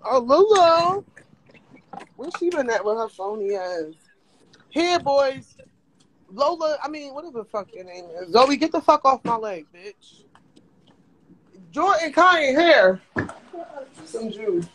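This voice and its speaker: A woman's voice: high-pitched, big pitch swings, slow, pauses often, a bit bright, slight background noise, rough recording. Profane, laughing woman vlogger. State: a bit sick, clearing throat. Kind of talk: casual livestream chat.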